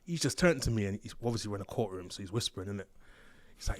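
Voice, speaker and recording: A man telling stories from his days as a prison officer, slangy and animated, acting out the voices of the people he describes. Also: lowish voice, very fast, no room sound. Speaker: interview guest, former prison officer. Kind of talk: casual storytelling. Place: studio.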